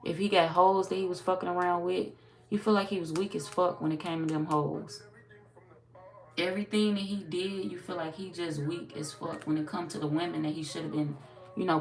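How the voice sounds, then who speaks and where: A woman giving a casual live tarot reading. She talks bluntly and profanely, chats with her viewers, and is slightly hoarse from losing her voice. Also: on the low side. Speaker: tarot reader. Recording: echoey room, distant mic, background noise.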